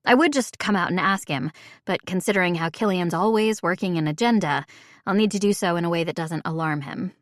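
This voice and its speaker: A woman, working as an audiobook narrator, reads a first-person novel in an even, measured storytelling style. Her pitch is fairly low, and the clean studio recording carries no room sound.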